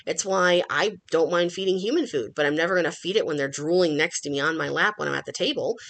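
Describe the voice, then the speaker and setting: Low gravelly-voiced woman dog trainer. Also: fast. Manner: animated, acts out dog thoughts in a high playful voice. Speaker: dog trainer and podcast host. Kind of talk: instructional podcast talk.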